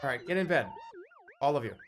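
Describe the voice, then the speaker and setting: A man's voice: medium pitch, lively intonation, fast, soft background music. A man streaming a video game and giving casual commentary, rambling and joking with a lot of swearing. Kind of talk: casual let's-play commentary.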